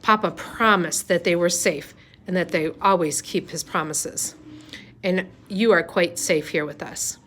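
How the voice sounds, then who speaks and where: A woman reading a story aloud, voicing a brave young girl who speaks softly and reassuringly. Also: on the low side, a little slow, a little hiss or hum. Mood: gentle. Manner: soft, reassuring.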